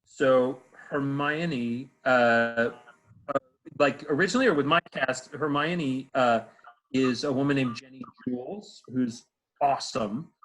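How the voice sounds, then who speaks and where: A man's voice: medium pitch, unhurried, fairly bright tone, poor audio. Rambling man on a video call. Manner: rambling, many fillers and restarts. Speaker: stage actor guest. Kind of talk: casual interview answers.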